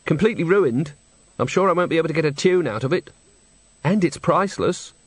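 A man's voice: fairly high pitch, lively intonation, brisk, husky, no room sound, voice pushed up. A man voicing a fretful, mournful young male organist.

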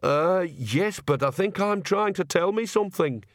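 A man's voice: high voice, lively intonation, measured pace, no echo, clean studio sound, voice pushed up. A man voicing an anxious young woman witch who speaks hesitantly. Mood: flustered. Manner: hesitant, flustered.

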